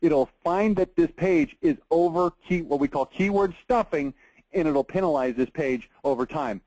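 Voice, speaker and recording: A Texas man in his 40s presents a marketing webinar over screen share, blunt and emphatic with an exasperated edge. His voice is on the high side with a darkish tone and moderate pace, recorded roughly with no echo.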